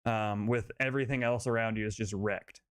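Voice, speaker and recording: A man narrating as game master of a casual tabletop game, describing scenes in a relaxed, amused way. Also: fairly low pitch, a little fast, smooth.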